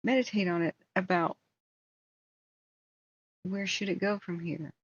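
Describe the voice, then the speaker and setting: A woman on a livestream spins a loose, rambling story, stopping for asides as she goes. Her voice sits low and husky, and the stream audio sounds dull and lo-fi. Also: a little slow. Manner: rambling, animated retelling with asides. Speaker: livestream host. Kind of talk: casual storytelling.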